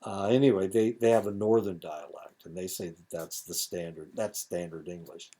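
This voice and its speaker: A man's voice: deep voice, steady tone, moderate pace, mellow. A man in his seventies with an Indiana accent, giving a recorded lecture in a rambling, digressive way with many fillers and asides. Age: 70s.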